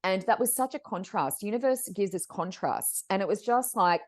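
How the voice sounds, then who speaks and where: Woman, medium, animated storytelling, mid pitch, quick bursts, acts out quotes. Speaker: psychic medium guest.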